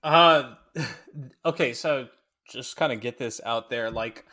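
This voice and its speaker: A man's voice: mid-range voice, slow pace, bright, forceful tone. A man co-hosting a casual podcast, rambling and chatty with many "like"s. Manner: chatty, rambling, laughs often. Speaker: podcast co-host.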